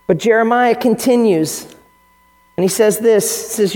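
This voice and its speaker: A male American pastor gives a sincere sermon in a large church hall, speaking at a measured pace. His voice sits high and mellow, and he changes voices to act out the quotations he shares.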